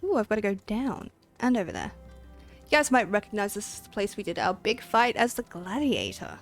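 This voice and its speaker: A woman's voice: medium pitch, sing-song, fairly quick, gravelly, faint music behind. A woman streaming a game, chatting in a casual, rambling way and giggling often. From Australia. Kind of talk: casual livestream chat.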